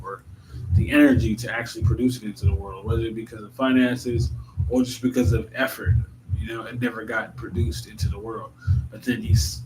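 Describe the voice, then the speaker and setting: Relaxed and musing, a slightly tired man vlogs to his audience, addressing them as y'all. His voice is fairly low in pitch, and background noise can be heard.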